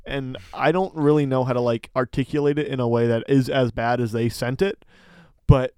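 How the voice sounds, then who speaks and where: A man co-hosting a podcast, telling a story in a casual, animated way with lots of filler words. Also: medium pitch, moderate pace, smooth, dry recording, studio quality. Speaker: podcast co-host.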